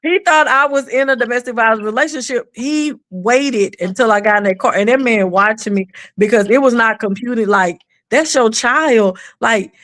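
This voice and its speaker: Woman, animated storyteller, acts out voices, dry close sound. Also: a little high, moderate pace, few pauses, no room sound. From East Texas. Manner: animated, acts out quoted voices, drops into a whisper when quoting. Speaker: mother of an autistic son, guest. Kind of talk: casual storytelling on a podcast.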